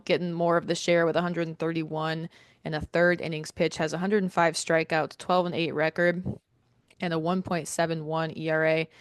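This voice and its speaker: A young woman co-hosting a sports podcast, reading team stats in a steady list with filler ums, recorded with headphones on a close mic. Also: deep voice, clear, resonant tone, no room sound. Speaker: podcast co-host. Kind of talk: reading softball stats preview. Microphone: headphones and studio mic.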